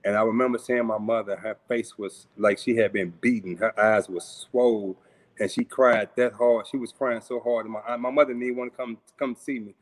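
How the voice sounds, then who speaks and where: A man's voice: on the low side, fairly even intonation, fairly quick. A man from St. Louis telling a personal story in a conversational way, acting out the voices of people he quotes and using frequent fillers. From St. Louis, USA. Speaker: guest storyteller.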